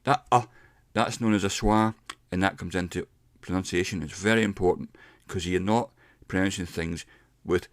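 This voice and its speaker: A middle-aged man giving a casual pronunciation lesson, explaining step by step and slowing down to demonstrate sounds. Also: low-pitched, no room sound, studio quality. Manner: unhurried, explains step by step with slowed demonstration words. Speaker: English pronunciation teacher.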